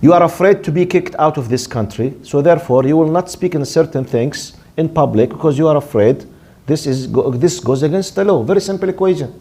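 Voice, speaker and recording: A man's voice: fairly high pitch, brisk, mellow. A man teaching a religious lesson, emphatic and full of rhetorical questions, often repeating his words. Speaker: Islamic teacher. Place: lecture in Canada.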